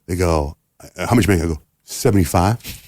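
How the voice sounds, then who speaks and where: A man's voice: sits low, fairly quick, no room sound, studio quality. A middle-aged man from the United States, a radio host, telling a long story casually and acting out the people in it. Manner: animated storyteller acting out quoted dialogue. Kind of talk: casual storytelling in a podcast interview.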